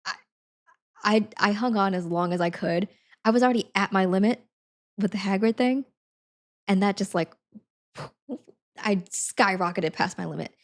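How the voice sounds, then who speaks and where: A young woman live streamer chats casually with her viewers. She rambles through her stories with plenty of giggles and filler words. Her pitch sits in an ordinary middle range for a woman. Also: moderate pace, pauses often, darkish tone.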